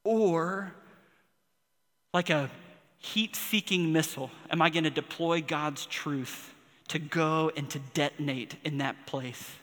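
Here a pastor in his forties delivers a heartfelt, personal sermon, his slightly high voice ringing and a bit bright. Pauses build the intensity, and the sound has the long reverb of a large hall.

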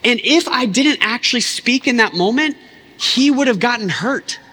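A man's voice: very high-pitched, animated, moderate pace, pushed and bright, in a large hall. A man, preaching a sermon in an impassioned, conversational way, full of casual asides. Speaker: pastor.

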